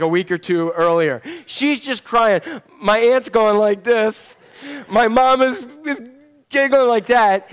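A man's voice: extremely high pitch, fairly bright tone, clear, resonant tone. A man preaching a sermon as pastor in a church service, talking in a conversational, joking storytelling manner.

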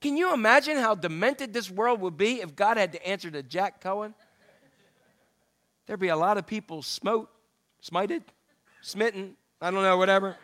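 A man preaching a sermon in a loose, conversational way, reading scripture and turning questions back to his listeners. His voice is high and bright. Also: normal speed, pauses often. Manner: conversational, asks the audience questions.

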